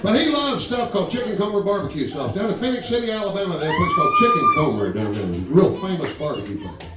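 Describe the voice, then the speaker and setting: A man's voice: high voice, wildly swooping pitch, fast. A man doing profane stand-up, teasing the crowd and telling drawling stories on a comedy club stage. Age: 50s. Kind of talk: stand-up routine with crowd work. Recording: roomy club sound from a distance. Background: guitar and audience laughter.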